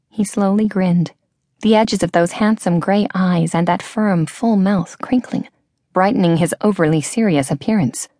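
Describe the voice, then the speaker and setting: A woman narrating a story in a measured, expressive reading voice on a close microphone. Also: on the low side, no echo. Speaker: audiobook narrator. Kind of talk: scripted narration.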